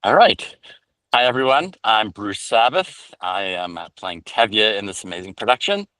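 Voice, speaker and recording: A man's voice: on the low side, animated, moderate pace, bright, forceful tone, no echo, poor audio. A man from upstate New York, an actor guest, reminiscing over a video call while walking outside. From Rochester, New York. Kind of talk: casual storytelling interview. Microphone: video call while walking outdoors.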